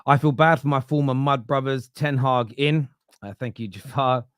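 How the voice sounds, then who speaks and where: A man's voice: medium pitch, fairly even intonation, moderate pace, smooth, dry recording, clean studio sound. A man hosting a fan football podcast, talking bluntly and with opinion in a casual live-stream style, often starting with "uh" and restarting his sentences. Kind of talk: casual live-stream commentary reading viewer comments.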